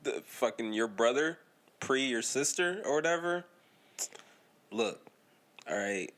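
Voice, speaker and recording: A man's voice: medium pitch, lively intonation, measured pace, a bit bright. A young man co-hosting a podcast, telling a story in casual chat, swearing freely, laughing often and tagging his sentences with "right?". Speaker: podcast co-host.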